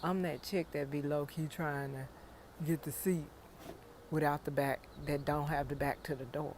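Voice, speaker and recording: A woman's voice: deep voice, fairly even intonation, normal speed, darkish tone, a little hiss or hum. A middle-aged woman chatting casually about her garden, frank and joking, with salty language, talking outdoors in a home garden. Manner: frank, joking, profane storytelling. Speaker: gardening vlogger. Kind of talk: casual chat.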